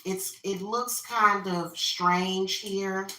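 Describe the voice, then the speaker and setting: Venting woman, bright and roomy. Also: medium pitch, fairly even intonation, very slow, recorded from a distance, slight background noise. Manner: opinionated, venting, repeats herself. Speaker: spiritual reader and vlogger. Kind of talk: casual rant while carving a pumpkin. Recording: roomy echo, voice off-mic.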